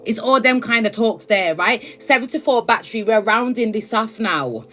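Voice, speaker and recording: Chatty woman doing a spiritual reading on a live stream, kinda high voice, soft music behind. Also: lively intonation, moderate pace. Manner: chatty, affectionate, keeps asking "okay?". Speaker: spiritual reader.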